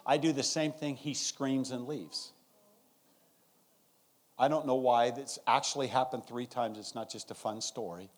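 A man's voice: mid-range voice, unhurried. A man and guest pastor preaching a sermon in a church service, acting out his stories. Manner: animated storytelling, acting out scenes.

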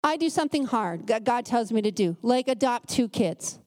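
Woman preacher with a high voice, casual sermon, lively storytelling delivery. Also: moderate pace. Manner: animated storytelling, shifting pace. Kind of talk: conversational sermon.

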